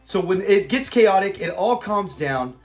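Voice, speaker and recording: A man hosting a casual episode review, retelling scenes with lively acted-out lines and frequent laughs. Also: sits high, unhurried, soft background music. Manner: animated retelling, acts out the characters' lines, laughs often.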